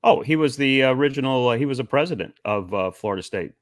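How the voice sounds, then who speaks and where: A man's voice: mid-range voice, lively intonation, no echo. Earnest man on a dry mic. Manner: earnest, reminiscing, with filler pauses. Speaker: sports radio co-host. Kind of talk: casual sports talk.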